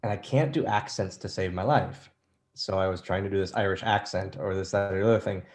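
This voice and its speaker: Low-voiced man telling stories. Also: fairly quick. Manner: animated storyteller, acts out quoted lines. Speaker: interview guest, former wrestler. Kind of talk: casual storytelling interview.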